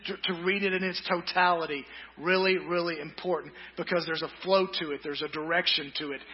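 A male pastor preaching a sermon, reading scripture slowly and deliberately with quick joking asides. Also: on the high side, lo-fi sound.

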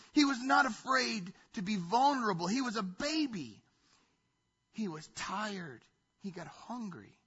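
A male pastor preaching a sermon, telling the story in an animated way that swings between loud and hushed. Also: high voice, breathy edge, highs cut off.

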